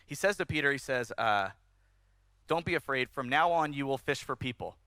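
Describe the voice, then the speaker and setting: A man preaching a sermon at a church service, conversational and animated, rising in emphasis as he speaks to the congregation. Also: medium pitch, moderate pace, clear, resonant tone, no echo. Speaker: pastor.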